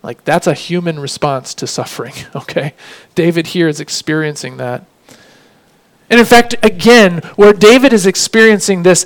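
A man preaching a sermon, earnest, slowing down to read scripture lines with emphasis. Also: sits high, rough recording. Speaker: pastor.

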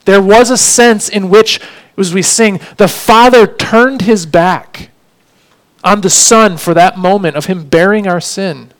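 A man's voice: high voice, a little slow. A man preaching a sermon in an earnest way, often asking his listeners questions. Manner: earnest, asks rhetorical questions.

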